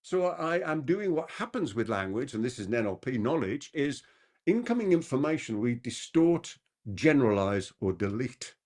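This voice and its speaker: A man giving a live masterclass on persuasion as a trainer. He talks quickly and keeps asking the audience rhetorical questions. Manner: animated, with big pitch swings.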